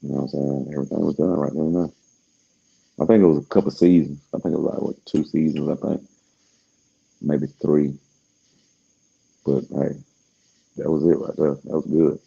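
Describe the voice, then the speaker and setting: A man's voice: extremely low pitch, little pitch movement, moderate pace, creaky, pauses often, mellow, husky, lo-fi sound. A man talking in a casual, rambling monologue, laid-back and slangy, trailing off with fillers as he searches for words.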